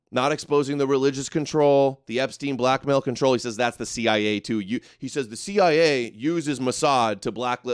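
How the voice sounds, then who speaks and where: Sarcastic male show host, smooth voice. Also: mid-range voice, no room sound, clean studio sound. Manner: mocking, sarcastic, quick asides. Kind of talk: live commentary reacting to clips.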